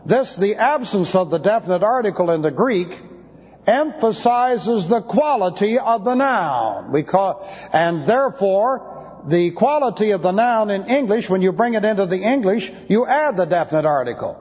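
A pastor teaching a sermon, methodically explaining Greek grammar in a precise, measured way. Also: male voice, sits high, expressive, darkish tone. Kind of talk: expository Bible teaching sermon. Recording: dull, lo-fi recording with long hall reverb.

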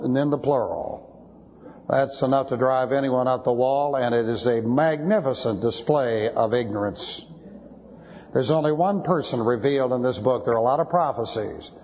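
A male Bible teacher in an emphatic lecture style, stopping to spell out Greek words letter by letter. His voice sits a little high. The recording is a dull lo-fi tape with long reverb from a church hall. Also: lively intonation, moderate pace, darkish tone. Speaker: pastor.

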